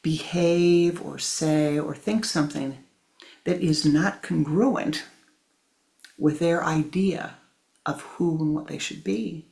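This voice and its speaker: Woman teacher, sermon storyteller, slow and gravelly, lowish voice. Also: fairly even intonation, darkish tone. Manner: storytelling, acting out voices, deliberate. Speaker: spiritual teacher.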